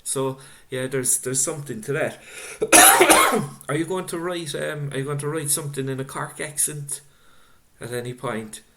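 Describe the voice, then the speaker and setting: A middle-aged man interviewing an author and reading out audience questions, speaking in an unhurried, reflective way over a video call. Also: mid-range voice, steady tone, very noisy. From Ireland. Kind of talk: casual book-event conversation.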